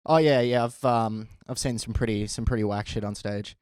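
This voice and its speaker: Male comic, animated storyteller, dry close sound. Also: fairly low pitch, moderate pace, clear, resonant tone, dry recording. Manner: animated, laughs often while telling. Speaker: stand-up comedian. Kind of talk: casual storytelling.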